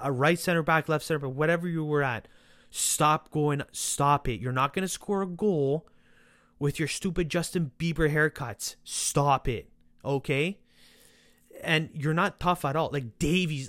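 Guy ranting about football on his podcast, kinda high voice, swearing, voice worn out from yelling. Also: dry recording. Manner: ranting, sarcastic, swears, talks to the players directly. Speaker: podcast host. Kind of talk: casual football rant.

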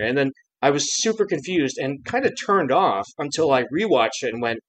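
A man in easy podcast chat, rambling through his thoughts with many restarts and little laughs. His voice sits at an ordinary middle pitch. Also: animated, moderate pace, fairly bright tone, rough recording. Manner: rambling, self-interrupting, laughs often. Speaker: podcast co-host. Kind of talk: casual chat about a cartoon episode.

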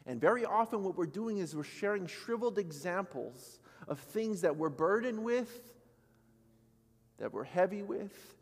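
A man in his thirties preaching a sermon as pastor, telling a story with acted-out quotes and swinging between loud and soft. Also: high-pitched, animated, unhurried, slightly rough, in a large hall. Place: church sanctuary.

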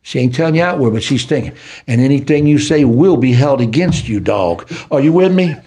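An older man with a Southern US city accent, telling his life story as a podcast guest in a preacherly, animated way. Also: medium pitch, a little fast, slight background noise. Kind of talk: storytelling testimony.

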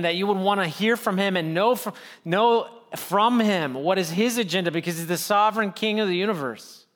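A man's voice: fairly high pitch, fairly bright tone, in a large hall. A middle-aged man preaching a sermon as a pastor, earnest and pleading, often repeating phrases for emphasis.

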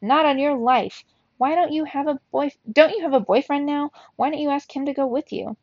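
A grumbling, reluctant male mouse protests to his sister, voiced by a woman reading a storybook. The voice is a little gravelly, and the recording sounds dull and dry. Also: fairly high pitch, lively intonation, normal speed, a little mellow, no room sound, heavily acted. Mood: protesting. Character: grumpy sleepy male mouse, reluctant brother. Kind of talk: storybook read-aloud.

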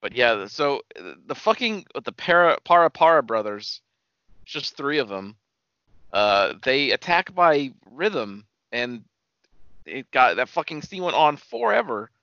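A laid-back man co-hosting a podcast, cursing casually and stumbling over the titles he reads out. His pitch moves in a lively way and his voice sounds bright. The sound is dry and dull, like a lo-fi mic. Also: measured pace, clean tone, no echo. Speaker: podcast co-host.

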